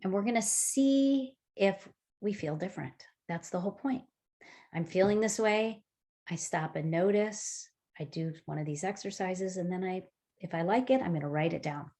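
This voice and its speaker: A woman on a video call leading a mindfulness workshop, guiding breathing and movement exercises in a lively, chatty way with frequent fillers. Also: lowish voice, normal speed.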